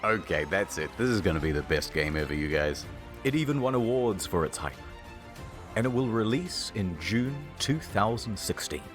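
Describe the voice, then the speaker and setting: A man's voice: fairly low pitch, lively intonation, moderate pace. Wry man narrating over music. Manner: dry, wry storytelling with sudden jokes. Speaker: narrator of a comedic internet documentary. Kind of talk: scripted comedic narration. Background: background music.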